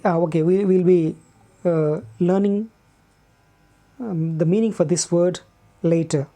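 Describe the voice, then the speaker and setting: Patient woman teacher, unhurried, low and mellow, repeats herself for clarity. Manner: patient and deliberate, repeats key words, frequent "uh" pauses. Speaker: English teacher. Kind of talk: slow classroom explanation.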